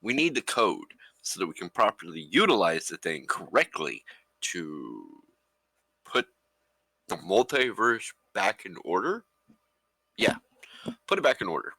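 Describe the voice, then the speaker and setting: Man player, very deep voice, lively swings, bright edge. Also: unhurried, pauses often, breathy edge, no room sound. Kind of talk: casual tabletop game chat.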